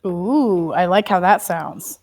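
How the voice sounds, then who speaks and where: A woman's voice: lowish voice, slow pace, darkish tone. A woman playing a character in a tabletop game, chatty and playful in tone. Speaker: player. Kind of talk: in-character tabletop role-play.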